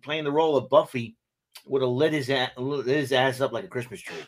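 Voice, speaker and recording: A man chatting casually as a podcast panelist, rambling and halting with many fillers. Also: mid-range voice. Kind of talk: casual chat.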